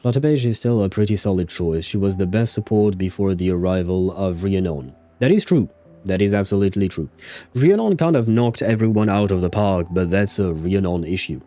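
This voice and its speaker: A man's voice: sits low, fairly quick, few pauses, warm tone. A man streaming a game, narrating scenes and chatting with viewers in a rambling, casual way. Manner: rambling, chatty, answers chat, frequent fillers and laughs.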